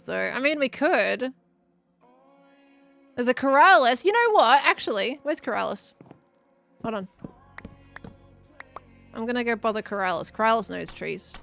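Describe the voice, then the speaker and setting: A woman streamer talks to her chat as she plays, musing aloud and asking viewers questions in a loose, friendly way. Her voice sits a little high with a gravelly edge, and soft game music runs underneath. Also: lively intonation, normal speed, long pauses. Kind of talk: casual live-stream chatter while gaming.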